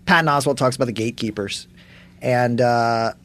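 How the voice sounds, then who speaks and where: A man guesting on a comedy podcast, rambling through improvised bits in an animated way. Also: medium pitch, normal speed. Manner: animated, rambling, breaks into goofy impressions.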